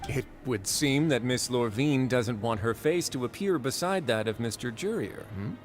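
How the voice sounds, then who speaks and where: An actor playing a composed, dryly teasing male fortress warden in a video game, speaking in a measured way. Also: mid-range voice, lively intonation, faint music behind, lightly acted.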